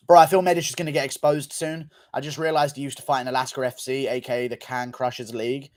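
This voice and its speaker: A man's voice: medium pitch, steady tone, fast, few pauses, darkish tone, no echo. A man hosting a casual livestream, reading viewer comments in a loose, offhand manner and swearing freely. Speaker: livestream host.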